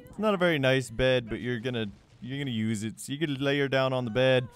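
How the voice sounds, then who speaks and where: Young guy talking thru a game guide, smooth clear voice, mid pitch, goofy sarcastic asides. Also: fast talker. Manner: joking, sarcastic asides with goofy put-on quotes. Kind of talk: casual walkthrough commentary.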